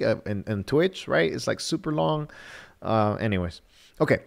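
A man's voice: medium pitch, lively intonation, normal speed, creaky. Rambling man hosting a phone review livestream. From Nicaragua. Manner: rambling, many fillers and restarts. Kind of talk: casual live-stream talk.

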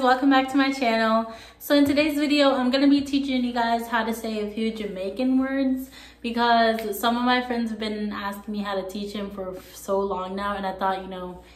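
A woman's voice: medium pitch, reverberant. A young woman hosting her own vlog, talking casually and playfully to her viewers. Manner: chatty, playful. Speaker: vlogger.

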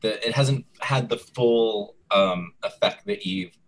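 A man's voice: medium pitch, very animated, takes it slowly, vocal fry, rough recording. A man co-hosting a casual chat, thinking aloud as he recaps a soap opera. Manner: chatty, thinks aloud as he talks. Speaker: co-host.

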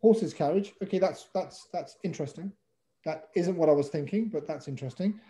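A man with an English accent, a pitch coach teaching a webinar over a video call in a playful way, calling on participants by name. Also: brisk, mellow. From England.

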